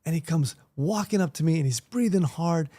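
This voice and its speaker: Animated man in his sixties. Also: fairly high pitch, brisk. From Miami, Florida, US. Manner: animated, punchy storyteller who grows loud and emphatic. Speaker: vlog host and martial arts teacher. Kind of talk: casual storytelling vlog.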